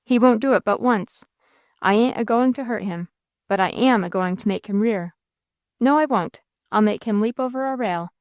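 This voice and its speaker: A cool, taunting country bully with a coarse rural drawl, as a woman narrator puts him on. His voice sits at a middling pitch and is recorded dry and close, with no room sound. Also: normal speed, dry recording, close to an everyday voice. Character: rough, bullying country man on a road.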